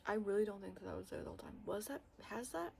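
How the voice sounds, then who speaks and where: A young woman chatting casually to camera about her reading, rambling with lots of fillers and excited bursts. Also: mid-range voice, very fast, gravelly, a little hiss or hum. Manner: expressive, swings into loud excited bursts. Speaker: book vlogger.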